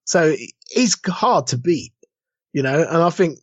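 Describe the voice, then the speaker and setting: In this casual podcast chat, the male co-host speaks a little slowly, with a slightly high voice and lively intonation, voicing quotes in different characters. The dry, dull lo-fi audio has no room sound.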